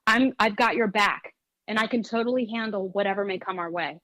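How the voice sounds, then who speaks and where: A woman guest who trains dogs, talking in an interview in a lively, emphatic way and often restarting phrases. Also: mid-range voice, fairly quick, no echo. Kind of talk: conversational interview. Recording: dull lo-fi audio.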